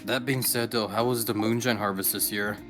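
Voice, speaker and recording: A man's voice: lowish voice, steady tone, fairly quick, over music. A man chatting casually on a game stream, hesitant with fillers and dry jokes.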